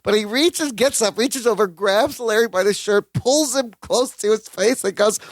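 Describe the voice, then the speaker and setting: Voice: mid-range voice, normal speed, dry recording, clean studio sound. A podcast co-host casually recapping a sitcom scene, telling it expressively and voicing the characters. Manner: expressive storytelling with sighs of sympathy and laughter.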